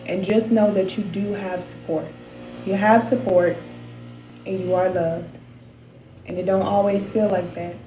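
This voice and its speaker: A woman's voice: mid-range voice, steady tone, measured pace, long pauses, warm tone, soft background music. A middle-aged woman giving spiritual advice to her viewers in a candid, emotional, slangy way. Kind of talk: casual heartfelt talk to viewers. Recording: roomy echoey sound.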